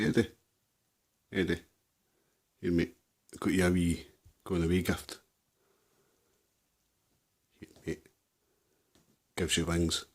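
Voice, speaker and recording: A man's voice: low-pitched, darkish tone. Man chatting fondly to a pet seagull. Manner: affectionate, calls the bird mate, buddy and wee man. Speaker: vlogger caring for a rescued seagull. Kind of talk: casual home-video chat to a bird.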